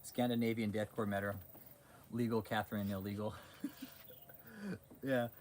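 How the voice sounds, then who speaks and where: Excitable, foul-mouthed man. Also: fairly low pitch, moderate pace, a little hiss or hum. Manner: profane, excitable, frequent restarts. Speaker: livestream host. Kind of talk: casual livestream talk, reading chat.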